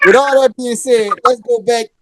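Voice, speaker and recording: A man's voice: very high voice, steady tone, moderate pace, a bit bright, slight background noise. A man, co-hosting a podcast, telling stories in casual chat and acting out quotes, laughing often. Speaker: podcast co-host. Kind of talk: casual storytelling.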